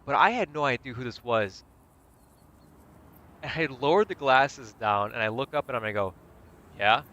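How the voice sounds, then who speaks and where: A man's voice: mid-range voice, moderate pace. A man in his thirties casually telling stories on a stream, acting out the quotes in them. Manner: animated, acts out quotes. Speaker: gaming streamer. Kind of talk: casual storytelling chat.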